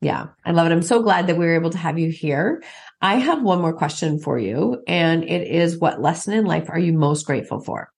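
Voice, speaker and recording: A woman's voice: on the low side, expressive, brisk, vocal fry, darkish tone. A woman hosting a podcast interview, enthusiastic and affirming toward her guest. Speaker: podcast host. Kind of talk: casual interview.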